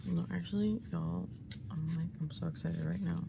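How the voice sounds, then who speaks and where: An excitable woman, chatting casually and gushing through an unboxing, often dropping into a half-whisper. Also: on the low side, normal speed, creaky, noisy background. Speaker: vlogger unboxing albums.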